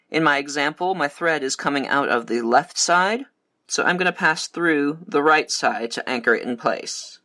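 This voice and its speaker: A man giving a calm, methodical step-by-step beading tutorial. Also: on the high side. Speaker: beading instructor.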